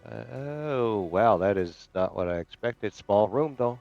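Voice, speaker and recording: A man's voice: on the low side, lively intonation, a little slow, gravelly, a little mellow, dull audio, soft background music. A man playing a tabletop game, thinking aloud and hesitating over his moves. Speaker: player.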